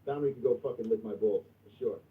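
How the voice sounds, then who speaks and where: A man hosting a livestream in casual chat, crude and profane, going from mumbling to loud outbursts. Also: fairly low pitch, quick pace, distant mic. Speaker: livestream host. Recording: tinny phone-like sound from off mic.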